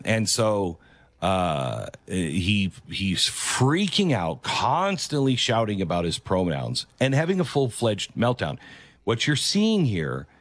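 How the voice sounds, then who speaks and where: On a dry recording, a man with a lowish voice hosts a commentary show and gives his opinion on a video clip. He's earnest and emphatic, often repeating his key phrases.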